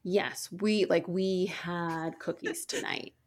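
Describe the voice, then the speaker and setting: A woman's voice: on the low side, fairly even intonation, slow pace, slight background noise. A woman in her thirties chatting casually and candidly about parenting, swearing freely and restarting her sentences often. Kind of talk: casual chat.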